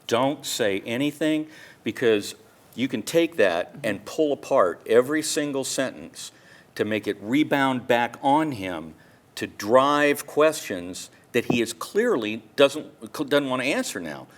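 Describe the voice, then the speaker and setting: A man who works as a communications consultant, giving measured political commentary on a TV panel. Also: mid-range voice, big pitch swings. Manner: measured, weighs his words.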